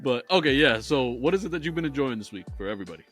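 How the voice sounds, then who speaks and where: With soft music playing behind him, a male podcast co-host spins rambling, curse-filled stories in casual chat. His mid-range voice is animated, a bit bright, and very fast.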